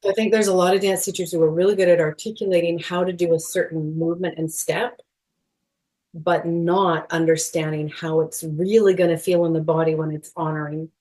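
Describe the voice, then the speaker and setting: A middle-aged woman speaking as a guest in a podcast interview, earnest and animated, with frequent small laughs and fillers. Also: deep voice. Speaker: guest, movement educator.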